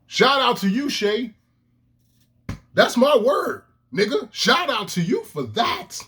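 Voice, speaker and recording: A man's voice: very high voice, big pitch swings, slow, pushed and bright, breathy edge. A man ranting to his own camera in heated, profane commentary, with emphatic outbursts. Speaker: vlogger. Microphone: camera lens, self-recorded.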